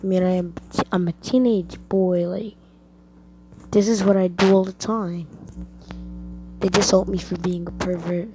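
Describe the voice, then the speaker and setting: A woman's voice: on the low side, fairly even intonation, unhurried, long pauses, lightly acted, poor audio. Pleading disowned teen boy, as a woman puts him on. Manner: pleading, self-excusing. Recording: music playing loudly behind. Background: loud music.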